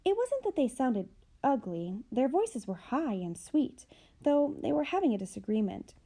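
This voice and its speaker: A woman's voice: high-pitched, very animated, normal speed, warm tone, pitched above the performer's own voice, exaggerated voice. A woman reading the part of a man dramatically telling a ghost story of his own escape. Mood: dramatic. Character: boastful male storyteller recounting his scare.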